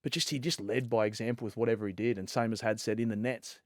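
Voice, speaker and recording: A man's voice: fairly low pitch, fairly even intonation, fast, no echo, clean studio sound. A man in his late thirties with an Australian accent, a guest telling stories in a loose, rambling way, full of fillers and restarts. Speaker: guest, professional fast bowler. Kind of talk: casual storytelling chat.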